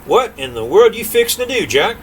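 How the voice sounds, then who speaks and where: An older grandfather reading aloud, voicing a slow-witted old male giant in a drawling folksy way. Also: a little high, big pitch swings, slight background noise, low-quality recording. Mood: pleading.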